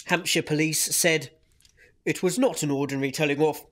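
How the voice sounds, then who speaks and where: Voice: medium pitch, fairly even intonation, moderate pace, a bit bright. A speaker reading out a newspaper story. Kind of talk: reading news text.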